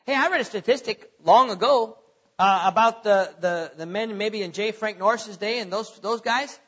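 A male pastor preaching a sermon, animated, firing off rhetorical questions and chuckling at his own jokes. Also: high-pitched, moderate pace, muffled recording.

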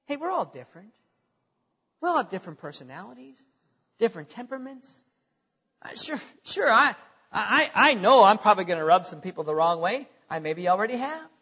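A male pastor preaching a sermon, animated, firing off rhetorical questions and chuckling at his own jokes. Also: high voice, brisk, slightly rough, highs cut off.

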